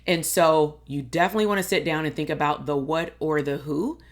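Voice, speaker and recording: Low-pitched woman in her thirties, a podcast host and coach giving upbeat, casual, encouraging talk. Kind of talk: motivational podcast monologue.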